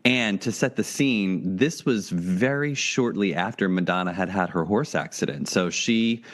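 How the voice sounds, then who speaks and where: Man, podcast host, low pitch, interview questions, explains context first. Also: measured pace, fairly bright tone. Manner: sets up questions with background context.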